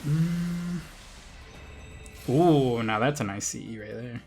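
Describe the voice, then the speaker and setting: A man commenting on his gacha rolls, getting excitable, swearing and pleading with the game. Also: medium pitch, slow pace, pauses often, soft background music. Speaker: game streamer.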